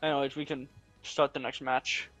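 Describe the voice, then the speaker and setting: A man's voice: mid-range voice, level tone, normal speed, fairly bright tone, no room sound, faint music behind, low-quality recording. A young man chatting casually over voice chat while gaming, explaining things at length with lots of fillers. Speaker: gaming channel host.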